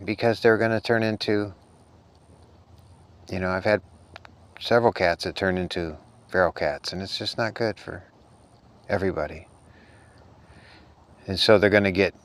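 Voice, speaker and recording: A man with a deep, resonant voice speaks in a soft, earnest ramble about spiritual matters. He sounds a little worn out. The delivery stays casual and unscripted. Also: smooth. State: tired. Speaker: spiritual vlogger.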